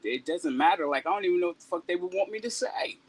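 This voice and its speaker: A man in casual chat on a talk stream, telling a story bluntly with plenty of swearing and animated delivery. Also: sits high, fast, husky, rough recording.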